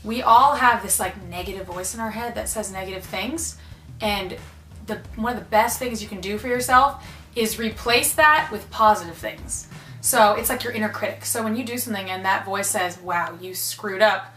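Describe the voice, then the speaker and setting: Bright young woman giving earnest advice. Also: medium pitch, normal speed, reverberant, faint music behind. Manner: earnest, acts out inner voices. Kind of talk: casual advice talk to camera.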